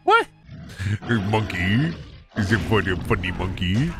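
A man doing casual, profane gaming commentary, breaking into loud angry outbursts and jokey rants. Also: lowish voice, sing-song, moderate pace, over music. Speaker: gaming streamer.

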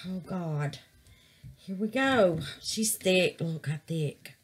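A woman's voice: on the low side, animated, takes it slowly, breathy edge. A middle-aged woman, chatting through a resin craft project and calling her viewers babies. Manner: chatty, calls viewers babies, exclaims to the Lord. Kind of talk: casual crafting vlog.

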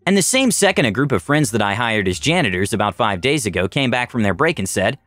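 A man reading online stories aloud with a lively, sing-song delivery. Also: medium pitch, brisk, dry recording, faint music behind. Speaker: story reader.

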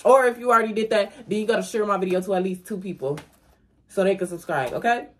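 A woman's voice: medium pitch, fast talker. Chatty young woman vlogging at home. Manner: chatty, animated, talks straight to viewers. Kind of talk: casual vlog chat to camera. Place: at home, indoors. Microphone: camera on a stand.

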